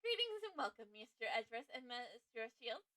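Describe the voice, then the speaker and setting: A woman's voice: on the high side, big pitch swings, moderate pace, sharp tone. A woman voicing a bubbly, overly polite female housekeeper who is a TV sweets star, in a sing-song, gushing manner.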